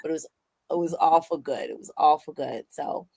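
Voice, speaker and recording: Woman host, deep voice, casual and playful storyteller. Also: fairly quick, gravelly, a little mellow, husky. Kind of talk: casual chat.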